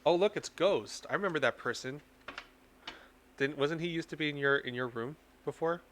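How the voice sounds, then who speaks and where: A man's voice: on the high side, moderate pace, a bit bright, slight background noise. A man hosting a casual tarot reading live stream, playful and teasing with his viewers.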